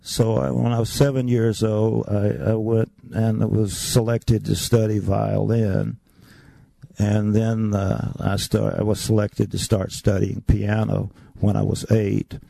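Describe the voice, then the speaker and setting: A man's voice: on the low side, level tone, slow pace, vocal fry, warm tone, dry recording. An older man from North Carolina, a radio guest telling stories about his childhood. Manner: reminiscing, acts out the voices in his stories. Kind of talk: storytelling interview.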